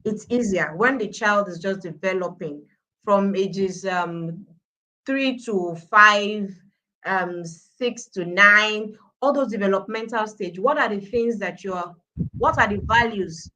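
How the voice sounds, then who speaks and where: A woman's voice: medium pitch, slow, bright, forceful tone, poor audio. A middle-aged woman with a Nigerian accent, speaking as a guest on a live-stream talk show about parenting, stressing her points with repetition. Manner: emphatic, repeating points for stress.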